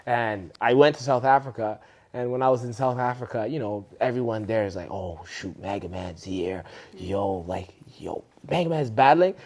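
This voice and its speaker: A Canadian man telling a story in a relaxed interview. His voice sits at a middle pitch, but it jumps high and loud whenever he quotes someone. The talk is casual, full of "you know" and "like". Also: moderate pace. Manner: animated, acts out quoted people in a raised voice. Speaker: dance teacher telling a story.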